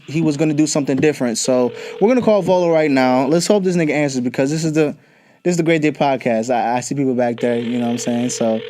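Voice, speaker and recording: A man's voice: on the high side, a little mellow, a little hiss or hum. Profane, ranting young male podcast host. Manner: profane, blunt, rambling. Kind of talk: casual political rant.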